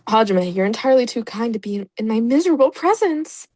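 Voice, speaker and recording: A woman's voice: a little high, animated, quick pace, darkish tone, no room sound. A woman voicing a gloomy, apologetic young man who runs himself down. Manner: apologetic, self-deprecating.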